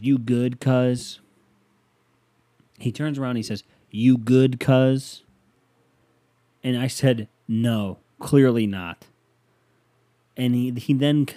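A podcast host in his bedroom, fan running, delivers a casual comic story that wanders, mocks himself, and bursts into angry tirades. He has a medium-pitched, dark voice on a dry recording.

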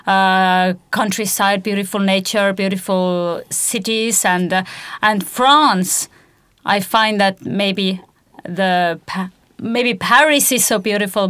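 An Estonian woman talks in a relaxed podcast chat, her English halting and full of small pauses and fillers. Her voice sits at a middle pitch. The studio sound is dry and close. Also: clear, resonant tone, no echo. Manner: hesitant, many fillers, simple phrasing. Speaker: podcast guest, opera singer. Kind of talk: casual chat. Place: recording studio.

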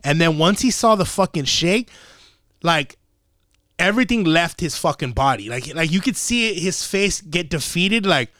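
A young adult man hosting a podcast, telling a story in casual, profane chat and acting out the quotes with lively energy. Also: fairly high pitch, moderate pace, no room sound, clean studio sound. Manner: profane, animated, acts out quotes. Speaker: podcast host.

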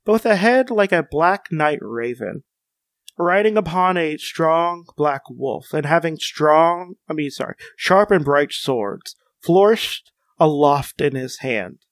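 A young man chatting casually, his voice sitting a bit high. He rambles eagerly, doubling back on his words as he goes. The sound is dry and close. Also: animated, slow pace, fairly bright tone, no room sound. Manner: enthusiastic, rambling with many restarts. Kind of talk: casual chat.

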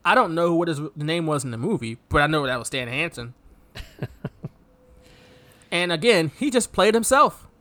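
A man's voice: fairly high pitch, animated, normal speed, pauses often, bright, forceful tone. A man co-hosting a podcast, riffing sarcastically on a movie and laughing often. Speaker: podcast co-host. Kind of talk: casual movie review chat.

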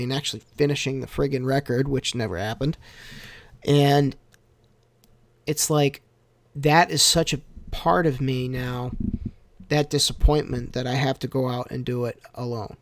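A young man hosting a casual podcast, telling stories in an animated, jokey way that swings from quiet to loud. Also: mid-range voice, no room sound. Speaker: podcast host.

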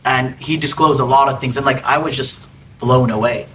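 Bright-voiced man preaching through stories. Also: mid-range voice, fairly even intonation, moderate pace, distant mic, a little hiss or hum, rough recording. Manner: conversational, drops to soft, hushed tones. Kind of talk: storytelling sermon.

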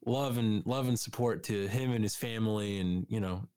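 A man's voice: on the low side, moderate pace, a little mellow, clear, resonant tone, no echo, studio quality. A young man co-hosting a podcast, talking in casual chat with a hesitant, laid-back delivery full of uh's. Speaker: podcast co-host.

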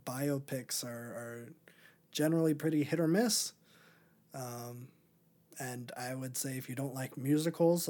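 A man's voice: mid-range voice, warm tone. Podcast host, male, casual movie chat, hesitant and rambling, mid-range voice. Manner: rambling, many ums and restarts.

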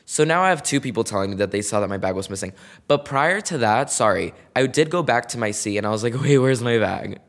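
A man's voice: medium pitch, expressive, fast. A man hosting his own podcast, telling a story in a chatty, dramatic way with lots of slang and "like". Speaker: podcast host. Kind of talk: casual solo storytelling.

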